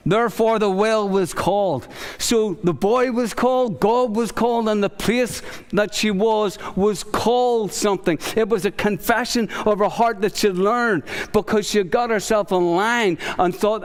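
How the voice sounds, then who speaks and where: A man preaching a sermon as pastor, animated, acting out the voices of biblical figures as he teaches. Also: sits high, normal speed, smooth. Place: large church hall. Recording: long hall reverb.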